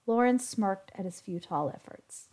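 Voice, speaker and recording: A woman reading a story aloud in a steady, even narration. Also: medium pitch, moderate pace. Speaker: story reader.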